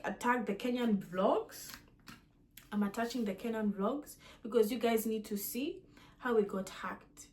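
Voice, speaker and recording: A young woman, telling a storytime rant to her viewers in an indignant, repetitive way. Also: on the high side. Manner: indignant, repetitive, animated emphasis. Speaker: vlogger.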